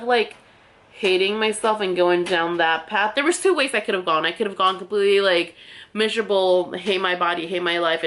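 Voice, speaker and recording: A woman's voice: fairly low pitch, fairly bright tone. A young woman vlogger telling a personal story while getting ready, candid and chatty, with lots of "like" fillers. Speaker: beauty vlogger and podcast host. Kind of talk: casual get-ready-with-me story time.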